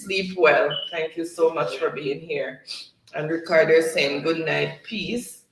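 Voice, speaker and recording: A man's voice: fairly high pitch, steady tone, unhurried, fairly bright tone, a little hiss or hum. A man hosting a casual livestream, reading viewer comments aloud and laughing often between them. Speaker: livestream host. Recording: roomy, distant from the mic.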